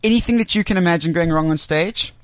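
A man's voice: on the high side, quick pace, dry recording. A young man co-hosting a radio show, chatting playfully about theatre. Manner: chatty, playful, jumps between plugs. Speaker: co-host. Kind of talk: casual radio chat. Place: radio studio.

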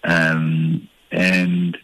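A man from the Eastern Cape, a stand-up comedian talking in a relaxed, hesitant, self-deprecating way in a radio interview. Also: sits low, drawn-out words, low-quality recording. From Eastern Cape, South Africa. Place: radio studio.

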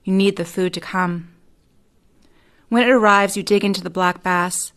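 A woman novelist giving a measured reading of her own second-person fiction. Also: medium pitch, steady tone, a bit bright. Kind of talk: literary reading.

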